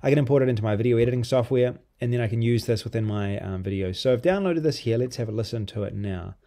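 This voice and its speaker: Man, software walkthrough, mellow warm voice, casual, filler-heavy. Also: mid-range voice, fast. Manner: loose and conversational, many ums and restarts. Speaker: software reviewer.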